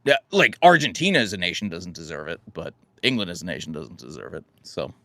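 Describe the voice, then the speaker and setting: A relaxed American livestream host answers chat, rambling and poking fun at himself. His low, gravelly voice with vocal fry swings widely in pitch, and he talks briskly. The recording is close and dry, with no room sound.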